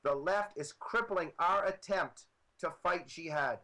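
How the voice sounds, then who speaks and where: High-voiced guy ranting emphatically as a talk show guest, bright edgy tone, computer mic. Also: unhurried, low-quality recording. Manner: emphatic, repetitive, builds to rising emphasis. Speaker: guest author. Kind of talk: impassioned political commentary.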